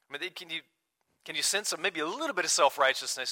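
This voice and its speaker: Bright-voiced man preaching a sermon. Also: fairly high pitch, lively intonation, quick pace. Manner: earnest preaching, swings from loud emphasis to quiet, hushed asides. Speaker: pastor.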